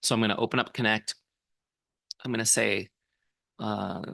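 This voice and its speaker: A man with a fairly low voice runs a lively training session over a video call, coaching his listeners with energy. He keeps checking that they follow along. The sound is dry and close, with no room echo. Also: normal speed, creaky. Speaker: software founder training a sales team.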